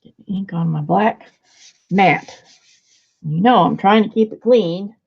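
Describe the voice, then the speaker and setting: Here a crafting host talks casually while she works at home, often dropping into mutters and whispers to herself. Her medium-pitched voice is gravelly with a breathy edge, her pace measured, and the audio is dull.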